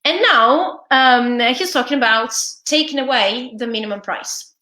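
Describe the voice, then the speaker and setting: A woman's voice: on the high side, a little slow, bright, forceful tone, reverberant. A woman English teacher with an Italian accent, reading a news article aloud and explaining it, hesitating often with fillers and restarts.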